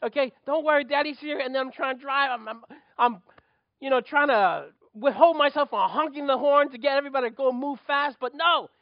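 A man's voice: extremely high pitch, brisk, no room sound, muffled recording. A middle-aged man, preaching a sermon as a pastor, telling a story with lots of rhetorical questions.

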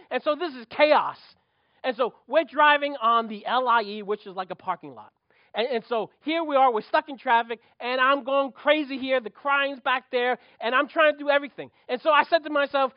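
A man's voice: very high voice, a little fast, no echo, muffled recording. A middle-aged man, preaching a sermon as a pastor, telling a story with lots of rhetorical questions.

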